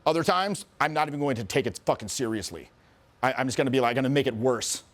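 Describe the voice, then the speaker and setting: A middle-aged man, a social skills coach, telling stories in a casual interview with an animated, profane delivery. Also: medium pitch, fast talker. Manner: profane, animated, acts out quoted voices.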